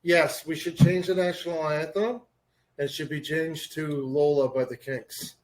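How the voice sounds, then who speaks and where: Male podcast co-host, slightly high voice, blunt and opinionated, swears often. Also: steady tone, slow, long pauses, darkish tone. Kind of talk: casual podcast chat.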